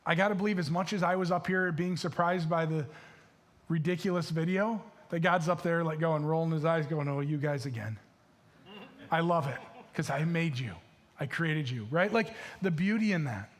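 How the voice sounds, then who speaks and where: A man's voice: on the high side, normal speed. A male pastor with a Michigan accent preaching a sermon in a casual, chatty way, full of fillers and restarts. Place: church stage.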